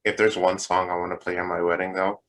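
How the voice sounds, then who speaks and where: A man's voice: deep voice, fast, poor audio. A young man co-hosting a podcast, telling a long comic story in casual chat, rambling and swearing often. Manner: profane, rambling, animated storytelling. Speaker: podcast co-host.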